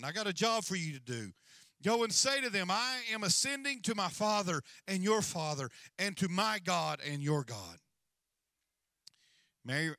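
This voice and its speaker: A male senior pastor preaching a sermon, telling the story with swings from hushed asides to loud, urgent lines and calls for amens. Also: on the high side, dry recording, studio quality.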